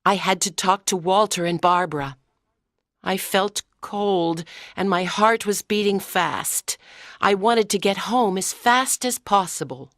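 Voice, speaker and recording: A woman reading a story aloud slowly and clearly for English learners. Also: mid-range voice, a bit bright, no echo, clean studio sound. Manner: clear, careful delivery. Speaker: story narrator.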